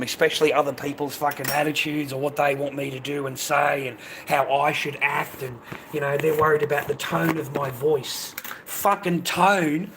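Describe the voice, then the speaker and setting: An Australian livestreamer in his fifties delivers a blunt, angry rant, swearing heavily and repeating himself. His mid-range voice is a bit bright, with a little hiss or hum in the audio.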